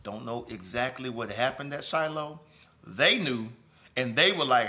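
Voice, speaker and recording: Bright-voiced preaching pastor. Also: male voice, mid-range voice, expressive, a little slow. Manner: preaching with emphatic repetition, swelling and dropping in volume; conversational asides and restarts. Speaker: pastor teaching a Sunday school lesson. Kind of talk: sermon-style Bible lesson.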